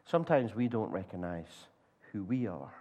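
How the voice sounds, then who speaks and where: A Scottish man preaches a sermon, leaning on anecdotes. He brings the stories to life by acting out voices. His delivery is halting, full of repeated words and restarts. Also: on the low side. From Scotland. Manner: animated storyteller, acts out voices, halting restarts. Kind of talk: sermon with storytelling. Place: church.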